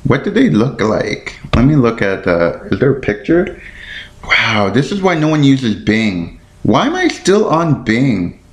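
With a medium-pitched voice full of big pitch swings, a man speaks unhurriedly in a roomy space while hosting a casual podcast by himself. He rambles, thinks aloud as he looks things up, and stumbles over words, apologizing self-deprecatingly.

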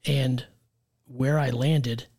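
An American man, a guest executive coach, telling his story in an earnest, measured way. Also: mid-range voice, steady tone, darkish tone. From United States. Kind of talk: conversational interview.

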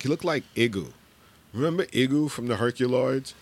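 A middle-aged man hosting a podcast, rambling in casual chat, laughing and swearing, with bursts of shouted impressions. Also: mid-range voice, lively intonation, moderate pace, creaky. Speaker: podcast host.

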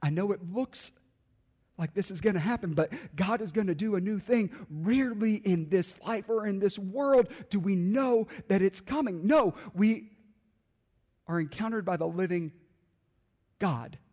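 A man delivering a sermon in a high, clear voice. He uses dramatic pauses and sinks to a hush to land his points. The sound rings with the long reverb of a large hall. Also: animated. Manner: dramatic pauses, quiet emphatic drops. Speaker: preacher. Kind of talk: sermon storytelling.

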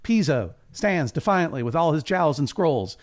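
A man's voice: a little high, very animated, normal speed. A man co-hosting a podcast who recaps a television drama in a wry, playful way and acts out the characters' lines. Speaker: podcast co-host. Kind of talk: comedic recap chat.

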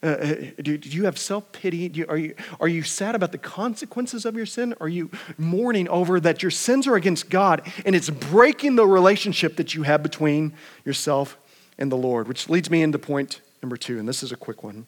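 A pastor preaching a conversational sermon, asking rhetorical questions and often repeating words. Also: male voice, a little high, a little fast.

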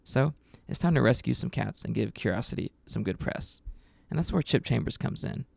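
A man hosting a show, narrating a scripted segment in a wry, measured way. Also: mid-range voice, lively intonation, vocal fry, darkish tone, dry recording. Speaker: podcast host.

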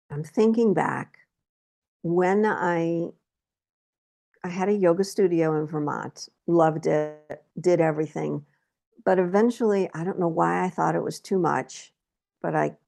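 A woman talking candidly in a casual conversation, telling stories about her life and getting animated when she acts out her own reactions. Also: lowish voice, unhurried, gravelly, pauses often. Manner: candid storytelling, animated when quoting herself. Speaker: guest.

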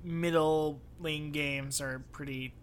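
A man's voice: on the high side, steady tone, very slow, clear, resonant tone. A young man co-hosting a casual podcast, goofy and self-mocking with crude jokes. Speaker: podcast co-host.

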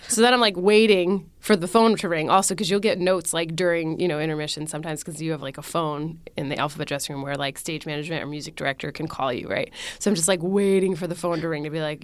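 Woman, young adult, stage actress, casual storytelling, animated, smooth clear voice, dry close sound. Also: on the low side, fast, no room sound. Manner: animated, acts out her own panic in quoted lines. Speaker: Broadway actress telling a story.

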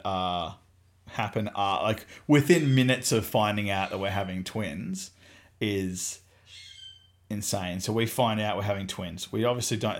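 A young adult man hosting a podcast, telling a personal story in an animated, casual way, swearing freely and laughing as he goes. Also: on the low side. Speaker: podcast host.

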